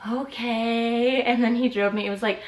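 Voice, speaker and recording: A woman's voice: medium pitch, steady tone, fast. A woman in her twenties chatting casually and giggling in a pregnancy update vlog, a little out of breath. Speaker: vlogger. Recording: echoey room.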